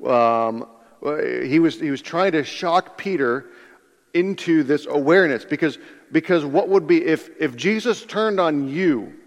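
A man's voice: a little high, animated, measured pace. A man preaching a sermon in a conversational way, explaining words and asking his listeners rhetorical questions. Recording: long hall reverb.

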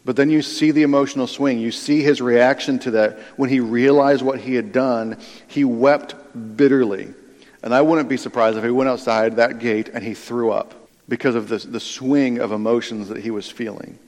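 A male pastor giving a sermon, conversational and animated, with asides to the congregation. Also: medium pitch, moderate pace. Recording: long reverb of a large hall.

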